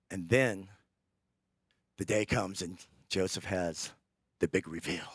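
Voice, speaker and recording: A man preaching a sermon, telling a scripture story with animated, acted-out character lines. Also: low voice, slow pace, long pauses, breathy edge, no echo, clean studio sound.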